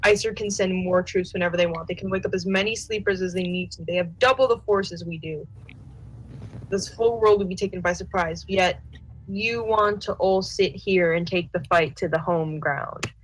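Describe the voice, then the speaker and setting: A woman's voice: lowish voice, moderate pace, close to an everyday voice, rough recording. A woman playing a stern, resolute rebel fighter in a tabletop game, talking bluntly and matter-of-factly. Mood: insistent. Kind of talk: in-character tabletop role-play.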